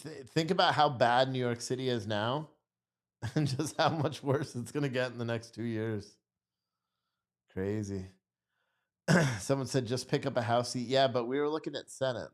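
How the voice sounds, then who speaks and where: A man's voice: medium pitch, moderate pace. A man hosting a live stream late at night, tired out and rambling. He talks loosely and casually, with frequent swearing and restarts. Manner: rambling and profane.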